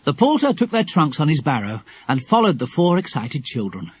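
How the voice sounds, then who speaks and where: Animated husky-voiced male narrator. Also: fairly high pitch, normal speed, no room sound. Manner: animated, expressive. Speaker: audiobook narrator. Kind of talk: children's audiobook narration.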